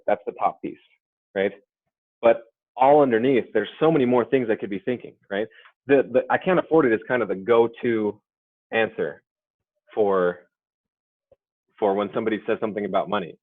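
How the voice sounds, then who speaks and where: A lowish male voice with no echo leads a conversational sales training webinar, often checking in with "right?" and "okay?". He's on a computer or headset mic, and the audio is dry and phone-like.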